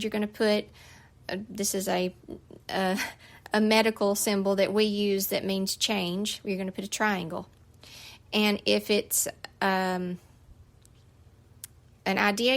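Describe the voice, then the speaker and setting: A middle-aged woman explains a journal exercise in a casual, instructive way. Her voice sits at an ordinary pitch with a gravelly, creaky texture. She talks directly and firmly, checking in often with the listener. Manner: direct, firm and chatty, with frequent "okay?" checks. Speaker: journal author and life coach.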